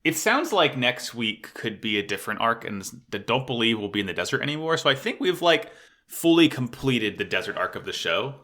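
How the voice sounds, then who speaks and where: A man co-hosting a podcast, chatting excitably and swearing often. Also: mid-range voice, fairly quick. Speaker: podcast co-host. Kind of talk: casual chat.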